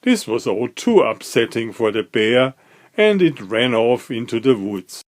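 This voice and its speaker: Reading from a kids' picture book, a storyteller with a middle-pitched voice takes a slow, animated pace.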